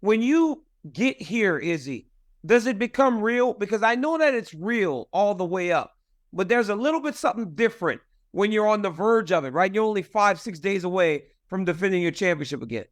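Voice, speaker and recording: A man in his forties talks through an interview with a high voice, friendly and emphatic. The sound is dry and close, with no room around it. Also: very animated, normal speed, dry recording. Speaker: interviewer and fight analyst. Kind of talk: casual interview.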